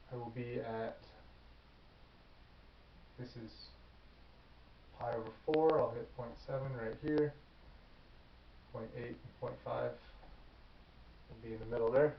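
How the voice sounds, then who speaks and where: A man's voice: medium pitch, a little hiss or hum. A man teaching math at a whiteboard, talking casually and thinking aloud as he works, correcting himself along the way. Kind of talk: whiteboard lecture. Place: classroom. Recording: echoey classroom, far from the mic, dull.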